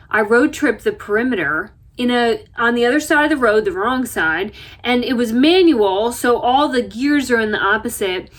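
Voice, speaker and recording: A woman vlogger from the United States talking in a chatty, self-deprecating way, telling stories with lively asides. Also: on the high side. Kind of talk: casual chat. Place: RV interior.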